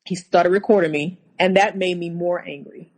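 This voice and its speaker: A woman telling her own story as a podcast guest, halting and repeating herself, acting out what was said. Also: on the low side, fairly even intonation, low-quality recording. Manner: halting, repeats words, acts out quotes. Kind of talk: personal account in a podcast interview.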